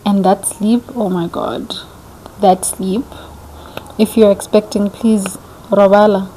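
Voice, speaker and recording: A young woman vlogger telling a story casually, chatty and animated, acting out what people said. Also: mid-range voice, takes it slowly, slight background noise, rough recording. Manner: animated, chatty, acts out quoted dialogue.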